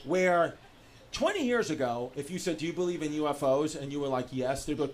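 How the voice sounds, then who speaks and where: A man's voice: fairly high pitch, very animated, a little fast. A young man doing loose, profane stand-up crowd work, laughing through his riffs on a club stage. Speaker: stand-up comedian. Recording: noisy live club recording.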